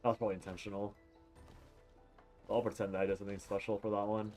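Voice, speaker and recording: A sleepy man streams a game, casually chatting and rambling with jokes, swearing, and frequent laughter while yawning. His lowish voice is a little mellow and flat, and he talks fast over faint background music.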